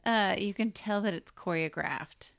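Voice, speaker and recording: A woman co-hosting a podcast, chatting casually about a film with wry comments and lively reactions. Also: medium pitch, unhurried, dry recording, studio quality. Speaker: podcast co-host. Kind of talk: casual movie recap chat.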